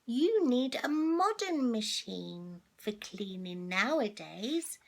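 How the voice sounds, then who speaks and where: A woman's voice: big pitch swings, creaky, full character voice. A woman doing a sly mewing ginger cat. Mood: thoughtful. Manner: high mewing meows, slow. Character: male ginger cat, thoughtful and scheming.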